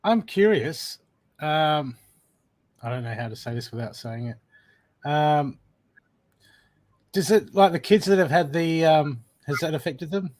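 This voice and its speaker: A man's voice: on the high side, expressive, measured pace, pauses often, darkish tone. A man hosting a podcast, asking curious, slightly hesitant questions and giving short affirmations. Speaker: podcast host. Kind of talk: interviewing.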